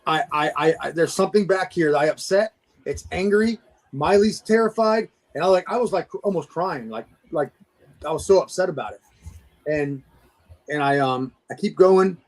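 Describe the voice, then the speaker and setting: A man's voice: on the high side, normal speed. A man guest telling his encounter story in a casual interview, with a lot of stammering restarts and laughing at himself. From Florida. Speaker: Bigfoot investigator guest.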